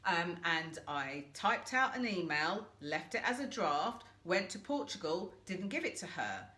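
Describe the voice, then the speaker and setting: A British woman runs a chatty live-stream coaching session from home, greeting viewers and asking them reflective questions. Her fairly low voice is sing-song and sharp at a measured pace, captured on a laptop or phone camera in a roomy space with a washing machine humming nearby.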